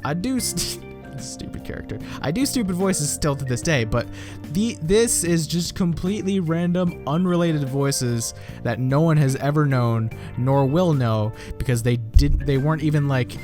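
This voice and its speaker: A man's voice: a little high, lively intonation, normal speed. Rambling, swearing young man. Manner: rambling, swears often, self-mocking. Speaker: YouTuber reacting to his old videos. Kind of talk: casual reaction commentary. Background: guitar music.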